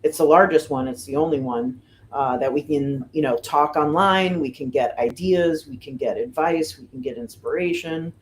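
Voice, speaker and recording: A woman's voice: deep voice, normal speed, slight background noise. Chatty middle-aged woman firefighter. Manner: chatty, fills with "you know" and "um", animated retelling of quotes. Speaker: firefighter lieutenant and guest. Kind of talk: casual interview storytelling.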